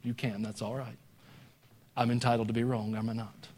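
A man preaching a sermon to his congregation. He talks conversationally, pushing some lines out loud and dropping others to quiet joking asides. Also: medium pitch, flat delivery, moderate pace, slight background noise. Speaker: pastor. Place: church sanctuary.

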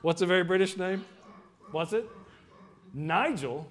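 A man's voice: sits high, animated, measured pace. A man preaches a sermon to a church congregation in a loose, conversational way. He breaks off into jokes, then returns to his point. He often stumbles over and repeats his words. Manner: conversational with joking asides. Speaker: pastor. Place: church service before a congregation.

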